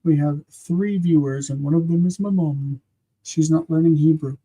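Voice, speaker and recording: A teacher hosting a live-streamed grammar lesson, explaining slowly and patiently with frequent pauses and repeating words aloud. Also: medium pitch, dark tone, husky.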